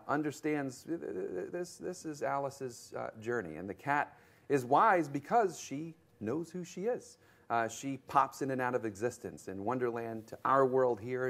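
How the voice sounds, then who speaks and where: A middle-aged man speaking at a conference, walking listeners through an opera's story. His pitch sits in the middle for a man, and he jumps up in pitch for quoted lines. He talks with plenty of fillers and restarts. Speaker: opera director presenting his production. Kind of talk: conference presentation.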